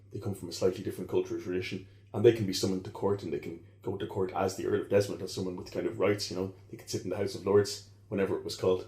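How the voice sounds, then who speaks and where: A man's voice: lowish voice, dark tone. A man explaining history as a podcast guest, talking in a digressive way with many asides and restarts. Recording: roomy echo.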